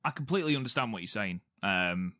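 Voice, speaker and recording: A man's voice: on the low side, lively intonation, fast talker, bright, forceful tone. A man co-hosting a casual podcast chat, talking eagerly and repeating words for emphasis. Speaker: podcast co-host.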